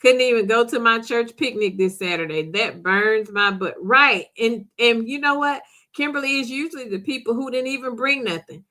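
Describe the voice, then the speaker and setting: A middle-aged woman hosts a relaxed live chat. She reads out viewer comments and answers each one directly. Her voice is bright and forward, with frequent laughter. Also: fairly high pitch, normal speed. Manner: chatty, laughs often, talks back to commenters. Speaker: livestream host reading viewer comments. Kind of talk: casual chat.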